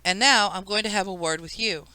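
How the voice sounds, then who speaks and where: A woman's voice: mid-range voice, brisk, bright, forceful tone, dry recording, lightly acted, rough recording. A woman reading an audiobook, voicing a harried mother who is stern and overwhelmed.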